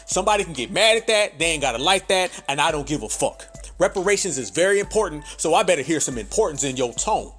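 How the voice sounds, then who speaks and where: High-pitched man ranting profanely. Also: lively intonation, fast, fairly bright tone, faint music behind. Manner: profane, emphatic, addresses listeners as family. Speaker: podcast host. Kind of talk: ranting commentary.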